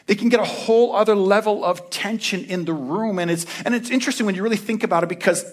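A pastor delivers a casual sermon in a laid-back, slangy style, full of lively storytelling. His voice is high and his pace quick.

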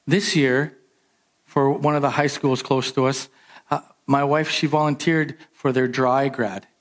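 A man preaching a sermon as pastor, animated and emphatic, jumping up in pitch on his key points.

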